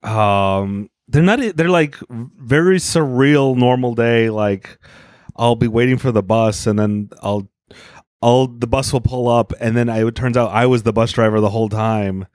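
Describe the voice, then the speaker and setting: A young man co-hosts a podcast and rambles along in a deadpan way, tripping over the odd word. His voice sits at a middle pitch for a man. The sound is dry and close, with no room around it. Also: unhurried, clean tone, no room sound. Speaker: podcast co-host. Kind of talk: casual chat.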